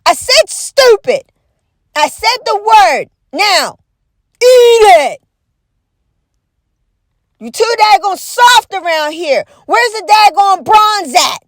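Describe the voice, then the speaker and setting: A woman with a high voice rants for laughs straight to camera, animated and full of exaggeration. She is folksy and emphatic, leaning on repeated catchphrases and dipping into quick mock voices. The sound is dry, with no room echo. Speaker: vlogger. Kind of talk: comedic rant to camera.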